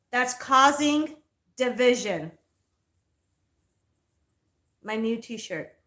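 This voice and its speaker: This psychic reader's voice sits on the high side with a fairly bright tone. Hosting a laid-back livestream from an echoey room, she sounds worn out as she tells stories heatedly and with plenty of profanity.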